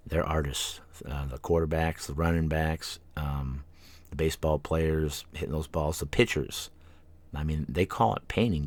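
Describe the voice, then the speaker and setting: A very deep-voiced man hosts an internet radio talk show, drifting from tangent to tangent, full of ums and tired yawns. The recording is close and dry, with no room sound at all. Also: dry recording. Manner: rambling, tangent-prone, with many fillers and yawns. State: tired, yawning. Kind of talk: casual rambling monologue. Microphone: studio microphone.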